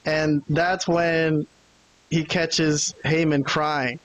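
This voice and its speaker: Drawing out his words in a slightly high voice, a man co-hosting a podcast casually runs through the week in wrestling. He acts out what people said like a lively storyteller, though the audio sounds dull.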